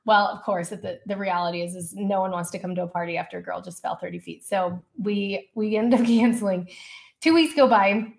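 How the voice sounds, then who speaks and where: A woman guest on a podcast, telling a personal story in a casual, lively way, full of "like" and "you know.". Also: medium pitch, a little fast, gravelly. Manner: lively personal storytelling, acts out her own past dialogue; casual, frequent fillers such as "like" and "you know". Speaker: podcast guest, leadership coach.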